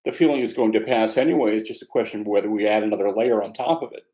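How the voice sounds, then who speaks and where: A man teaching meditation, speaking in a reflective, conversational way with a gently self-mocking humor. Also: lowish voice, racing, low-quality recording. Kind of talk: mindfulness dharma talk.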